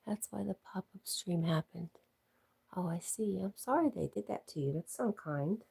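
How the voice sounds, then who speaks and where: Mellow low-voiced woman hosting a livestream. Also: expressive, normal speed, gravelly, poor audio. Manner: reads viewer comments aloud and chats with her dog. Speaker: livestream host. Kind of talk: casual livestream chat.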